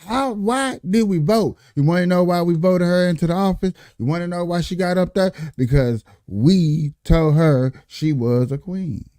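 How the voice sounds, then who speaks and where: A man hosting a reaction show, talking in animated, slangy commentary full of swearing and repetition. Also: high-pitched, moderate pace, hardly any pauses, clean tone, no echo, clean studio sound. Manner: animated, slangy, profane, repeats himself. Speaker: host.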